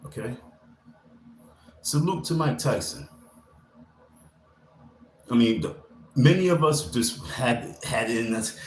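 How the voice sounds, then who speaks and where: A man's voice: medium pitch, lively intonation, slow pace, pauses often. A man hosts a casual live stream with a rambling, slangy pep-talk delivery, and his voice sits in a mid register. The room around him rings with echo. A faint ambient hum stays in the background. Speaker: livestreamer. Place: indoor room.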